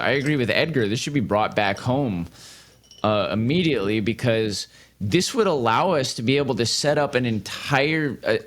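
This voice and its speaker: A man running a tabletop game, relaying what the characters say in a casual way. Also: mid-range voice. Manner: relays characters' lines in quoted speech, casual. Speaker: game master.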